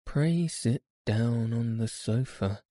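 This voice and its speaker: A man voicing a calm, gentle detective in a measured audiobook reading. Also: mid-range voice, no echo, clean studio sound, close to an everyday voice.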